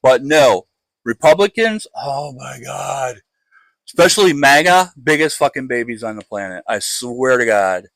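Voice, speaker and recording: A man's voice: medium pitch, lively intonation, normal speed, fairly bright tone, no echo. A Gen X man co-hosting a casual podcast, blunt and profane as he agrees and adds jabs. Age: 40s or 50s. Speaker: podcast co-host. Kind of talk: casual political chat.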